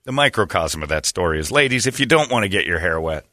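A man in his thirties in a casual comedic chat, mocking and quick to slip into high falsetto voices for people in his stories. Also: very animated, bright, forceful tone, no room sound, studio quality. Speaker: podcast co-host.

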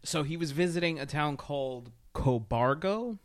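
A man's voice: on the high side, lively intonation, normal speed, no room sound, studio quality. Profane, rambling male podcast co-host. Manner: profane, loose storytelling with many fillers. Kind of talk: casual chat.

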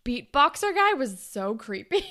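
Woman podcast cohost, kinda high voice, giggly, doing little voices for tv characters. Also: a little slow. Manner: animated, laughs often, acts out characters' lines. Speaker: podcast co-host. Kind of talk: casual chat recapping a TV episode.

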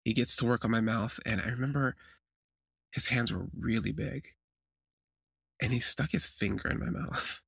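A man hosting a confessional podcast, telling a personal story with animated bursts when he acts out his reactions, recorded on a phone. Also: normal speed, creaky, long pauses, breathy edge, dry recording, studio quality. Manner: animated, jumps high when acting out his own reactions. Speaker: podcast host.

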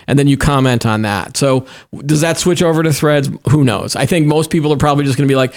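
A man's voice: mid-range voice, quick pace. A middle-aged man co-hosting a podcast in casual tech chat, rambling with many restarts and fillers. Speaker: podcast co-host.

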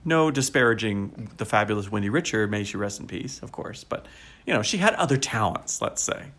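A man co-hosting a podcast in casual chat, animated and enthusiastic, laughing often and using a lot of fillers. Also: fairly low pitch, brisk. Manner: frequent fillers such as "like". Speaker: podcast co-host.

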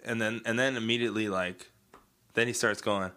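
Co-host: laid-back male, lowish bright voice, rambling. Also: steady tone, fairly quick. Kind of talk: casual movie chat.

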